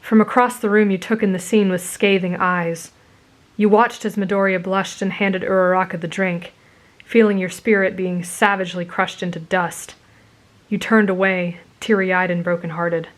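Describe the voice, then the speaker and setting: Soft-spoken woman narrating a story. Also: lowish voice, flat delivery, normal speed.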